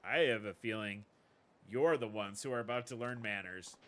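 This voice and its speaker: A man reading as a sharp-tongued young woman fighter. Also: on the low side, moderate pace, natural voice. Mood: scornful. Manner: cutting, dismissive retorts.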